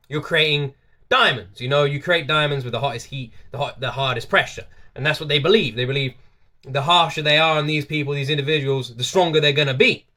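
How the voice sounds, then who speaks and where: A man's voice: on the high side, sharp tone. A man from the UK hosting a reaction video, talking casually and enthusiastically to his viewers, often repeating himself. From United Kingdom.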